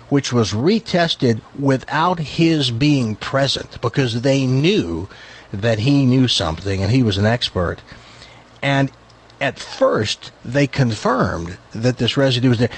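A man hosting a talk show, chatting casually and telling jokes in an animated, incredulous manner, often repeating words. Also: medium pitch, husky. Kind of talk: casual chat and joke telling.

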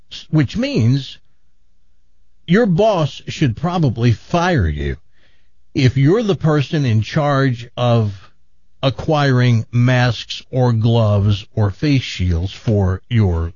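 A man hosting a radio talk show, chatting and joking, then pitching a sponsor in a salesman-like way. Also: a little mellow, slightly rough, no room sound, muffled recording. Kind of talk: casual radio chat and live read.

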